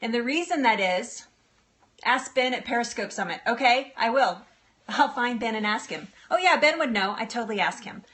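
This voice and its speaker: Middle-aged woman, live-stream host, bright forceful voice, fairly high, bubbly, giggly, chatty. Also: lively intonation, moderate pace. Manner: bubbly, giggly, answers viewer comments. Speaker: livestream host. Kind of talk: casual live-stream chat.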